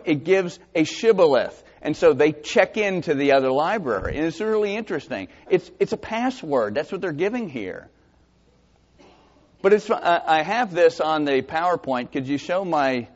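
Preacher guy from georgia, jokey lively sermon, muffled sound, big reverby hall. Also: a little high. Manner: animated, jokey preaching with scripture reading. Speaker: pastor.

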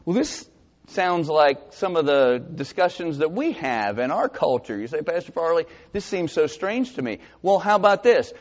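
Preacher guy from georgia, jokey lively sermon, muffled sound, big reverby hall. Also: a little high, normal speed. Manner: animated, jokey preaching with scripture reading. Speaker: pastor.

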